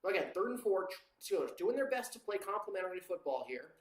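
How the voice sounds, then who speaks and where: In a sing-song, medium-pitched voice, the amateur commentator narrates the live watchalong loosely, with fillers and swift self-corrections. The audio is poor and reverberant.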